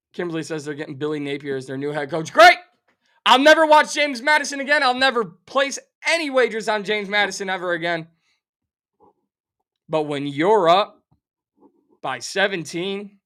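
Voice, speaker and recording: Sports host, middle-aged male, high bright voice, sarcastic fired-up rant with theatrical outrage. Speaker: sports talk show host.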